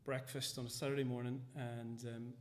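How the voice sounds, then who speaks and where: A man's voice: medium pitch, level tone, normal speed. A man preaching a sermon, telling a family story and acting out the dialogue. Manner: storytelling, acts out dialogue, frequent restarts. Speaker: pastor. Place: church.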